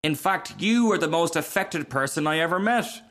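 A man voicing a sharp-tongued, mocking Bengal light firework in a storybook reading, with a cutting, sarcastic manner. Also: fairly high pitch, animated, moderate pace, voice pushed up.

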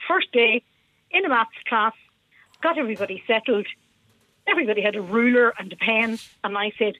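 Female caller, Northern Irish Armagh accent, lively anecdotal chat, dull phone sound. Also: fairly high pitch, a little fast, long pauses, no room sound. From Northern Ireland. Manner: lively storyteller, laughs often. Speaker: radio caller. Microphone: telephone. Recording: muffled phone line.

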